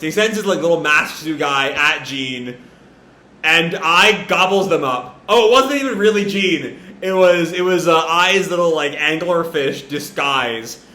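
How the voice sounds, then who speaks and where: A man's voice: a little high, lively intonation, unhurried, sharp tone, echoey room. A man casually recapping a comic chapter as a reaction host, rambling with lots of fillers and the odd swear word.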